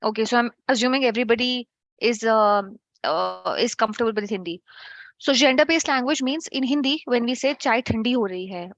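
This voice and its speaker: A woman's voice: on the high side, a bit bright, dry recording. A woman teaching an online French class, chatty and checking in with her students.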